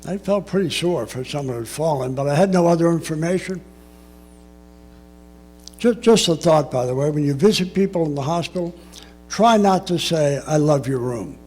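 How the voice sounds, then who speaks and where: An older man giving a personal storytelling talk, measured and reflective, with dry asides. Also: fairly high pitch, animated, a little mellow, soft background music. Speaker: public speaker.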